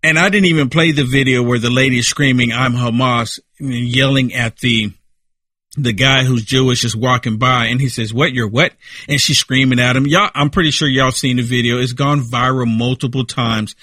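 A man's voice: medium pitch, steady tone, moderate pace, sharp tone, no room sound, studio quality. A man giving impassioned political commentary in an emphatic, repetitive, preaching way.

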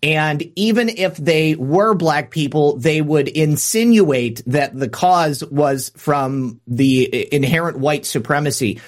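A man co-hosting a talk show, chatting casually about politics, with frequent fillers and restarts. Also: on the high side. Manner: halting, many restarts and fillers.

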